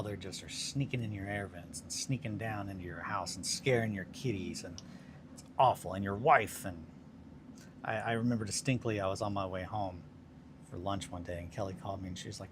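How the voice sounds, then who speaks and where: A man with a lowish voice chats casually while he glues and builds miniatures on a hobby stream. He tells his stories in a rambling, self-deprecating way. A steady hum of background noise sits under his voice. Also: a little fast. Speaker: hobby livestream host.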